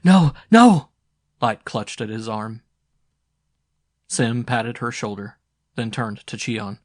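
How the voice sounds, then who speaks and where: A man narrating an audiobook in an expressive, dramatic storytelling style. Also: on the low side, slow, no echo, clean studio sound. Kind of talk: scripted narration.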